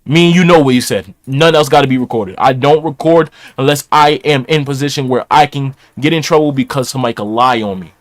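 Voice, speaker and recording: A man's voice: mid-range voice, brisk, hardly any pauses, dry recording. A man streaming, giving his opinionated reaction in casual, emphatic talk. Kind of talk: casual commentary.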